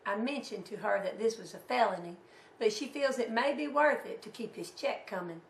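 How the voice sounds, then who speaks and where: A hoarse woman with a Southern US accent hosting a radio show and telling wry, folksy family stories. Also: a little high, moderate pace, reverberant, a little hiss or hum. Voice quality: raspy. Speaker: radio host. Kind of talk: humorous radio storytelling.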